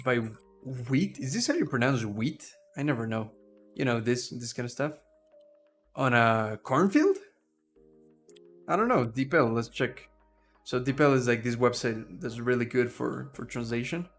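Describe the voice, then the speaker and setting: Laid-back young streamer. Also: male voice, mid-range voice, animated, measured pace, soft background music. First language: Spanish. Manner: rambling, laughs at his own tongue-twister slips. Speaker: livestream host. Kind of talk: casual live-stream chat.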